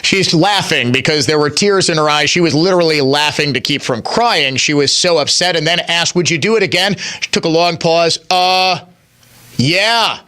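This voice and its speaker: A male talk radio host with a fairly high, bright, forceful voice. He talks in sarcastic rhetorical questions, commenting at a steady clip into a studio mic. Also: normal speed, a little hiss or hum.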